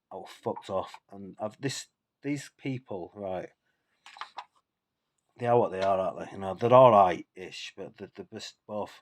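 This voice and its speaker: A man, a bit tipsy from drinking, ranting in a rambling, sweary, indignant monologue for his vlog. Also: fairly low pitch. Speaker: vlogger.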